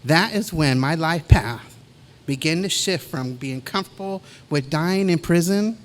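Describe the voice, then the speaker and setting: A middle-aged man giving a commencement speech in a measured, deliberate way, with pauses between phrases. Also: fairly high pitch, lively intonation. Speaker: commencement speaker.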